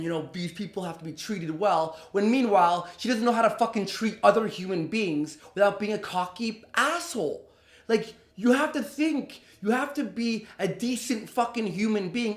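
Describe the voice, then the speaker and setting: A man's voice: high-pitched, animated, normal speed, reverberant. A young man angrily ranting to camera in a storytime vlog, heated and profane, sputtering and restarting his sentences. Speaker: YouTuber. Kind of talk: angry storytime rant to camera.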